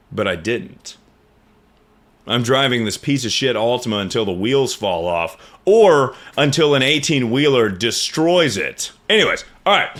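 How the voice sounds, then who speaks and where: A young man telling a story in a casual, profane rant, jumping between loud outbursts and low mutters. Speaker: streamer.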